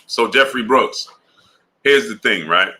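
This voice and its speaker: A man hosting a casual boxing livestream, shouting out chat names and repeating his calls to action. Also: mid-range voice, measured pace. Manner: repeats a call to subscribe.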